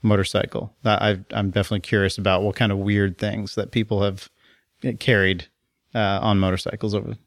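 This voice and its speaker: A man's voice: fairly low pitch, little pitch movement, brisk, no room sound, studio quality. Easygoing male podcast co-host. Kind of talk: casual banter.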